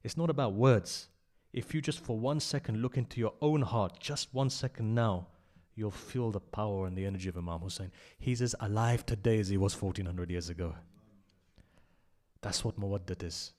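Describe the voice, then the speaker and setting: A man giving an impassioned sermon at a memorial gathering, telling a story and swinging between loud emphasis and hushed asides. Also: fairly low pitch, normal speed. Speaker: speaker at a memorial majlis.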